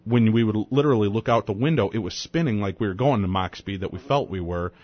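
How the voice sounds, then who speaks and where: A man in his forties with a fairly low voice hosts a radio talk show, talking casually and with animation. The sound is a little dull and lo-fi. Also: quick pace, no echo. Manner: animated storytelling, conversational.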